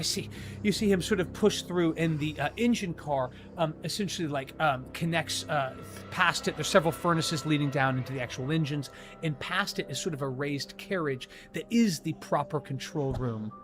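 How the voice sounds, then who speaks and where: Narrating a tabletop horror session over music, a game master lays out scenes at a leisurely pace, peppered with filler words. He speaks with a fairly high voice.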